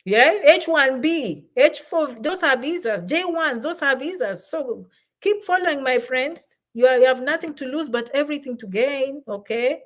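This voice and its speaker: A woman's voice: high voice, lively intonation, moderate pace. Upbeat woman answering viewers' comments live. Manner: reads out viewer comments and answers them warmly. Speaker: livestream host answering viewer comments on visas. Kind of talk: casual livestream chat.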